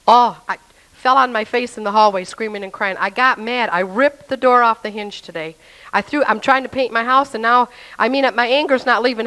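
A woman tells her personal story of faith, earnest and emotional. She talks straight to the listener with a slightly high voice. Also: a little fast, sharp tone, poor audio. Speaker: testimony speaker.

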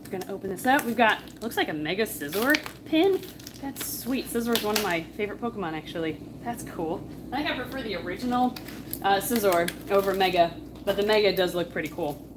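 A chatty, excitable woman co-hosting a casual chat while opening fan mail. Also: medium pitch, fairly quick, reverberant, far from the mic, noisy background. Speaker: co-host.

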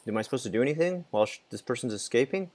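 A man's voice: mid-range voice, expressive, rapid-fire, a little mellow. A man casually commenting as he plays a game, muttering, reacting and sometimes swearing. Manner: mutters and reacts while playing, swears, laughs. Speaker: gaming channel host.

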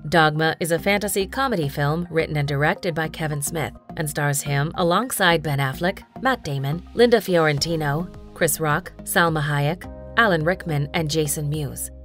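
Narrator, female, low-ish register, even scripted list reading over light music. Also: moderate pace.

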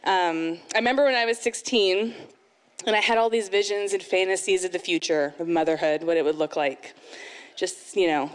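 A woman in her thirties performing a stand-up comedy set, animated, jumping into sudden high put-on voices. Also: smooth, long reverb tail. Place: live comedy event venue.

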